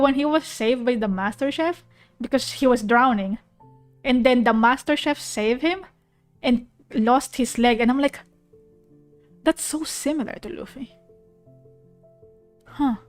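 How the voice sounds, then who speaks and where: High-voiced young woman, effusive rambling chat. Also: measured pace. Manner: rambling, effusive, emotional, with restarts. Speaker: vtuber streamer. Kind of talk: casual chat reacting to an anime. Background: soft piano music.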